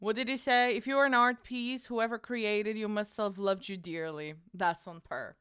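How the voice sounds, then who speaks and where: A bright-voiced young woman chats playfully with her stream chat, swearing casually as she talks. Her voice sits high and sounds smooth and clean. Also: fairly even intonation, moderate pace.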